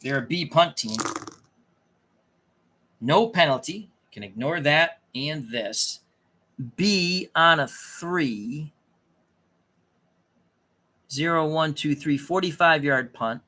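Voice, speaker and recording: A man's voice: fairly high pitch, lively intonation, slow, long pauses, sharp tone. A man casually thinking aloud as he plays a tabletop dice game, often muttering and correcting himself. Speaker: tabletop game player and channel host.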